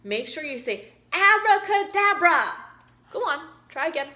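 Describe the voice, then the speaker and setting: A woman voicing a wise, encouraging female turtle in a storybook reading, with a bright, coaxing manner. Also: sits high, sing-song, normal speed, pitched above the performer's own voice.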